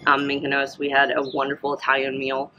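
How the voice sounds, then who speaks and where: Bright-voiced young woman chatting casually. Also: extremely low pitch, monotone, fast, a little hiss or hum, low-quality recording. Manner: rambling, many fillers and restarts. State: has the hiccups. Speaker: vlogger. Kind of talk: casual chatty travel recap.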